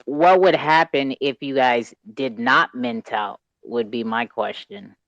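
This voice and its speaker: A man's voice: medium pitch, steady tone, takes it slowly, a bit bright, dry recording, lo-fi sound. A man hosting an online audio call, asking direct, probing questions and often adding "right?". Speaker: host of a crypto community call.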